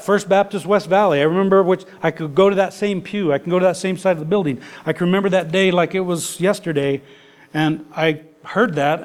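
A man preaching a sermon in an easygoing, conversational way, with folksy turns of phrase. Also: on the high side. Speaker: pastor. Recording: long hall reverb.

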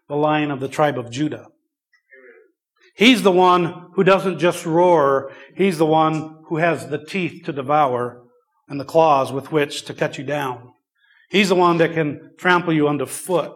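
A man preaching a sermon, reading scripture aloud and speaking emphatically, often repeating himself and restarting sentences. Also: fairly high pitch. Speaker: pastor.

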